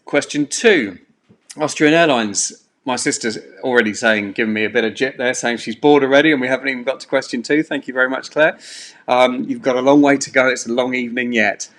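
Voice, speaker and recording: A man's voice: mid-range voice, fairly quick, fairly bright tone. A man, hosting a live-streamed pub quiz from a bedroom at home in a chatty, rambling way full of fillers. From England. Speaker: quiz host.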